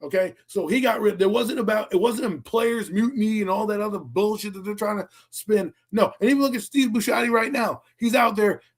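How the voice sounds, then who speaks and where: A man with a high, husky voice tells sports stories in a loose, animated way, and he swears often. It sounds like casual chat on a talk stream. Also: fairly quick, hardly any pauses. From Philadelphia area, US. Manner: animated storytelling, profane. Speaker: podcast co-host.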